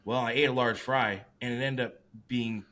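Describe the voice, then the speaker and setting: A man and competing bodybuilder, co-hosting a casual podcast, telling stories with lots of swearing and animated quoting of others. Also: medium pitch, normal speed. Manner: profane, animated storytelling.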